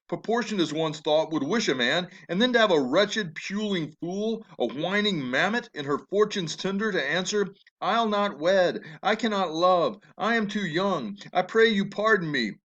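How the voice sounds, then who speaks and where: A raging, overbearing old nobleman of a father, read by a man. He shouts, mocks and threatens in a high, bright, cutting voice. The delivery feels like a dramatic reading of a play. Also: lively intonation, moderate pace, hardly any pauses, dull audio. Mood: contemptuous.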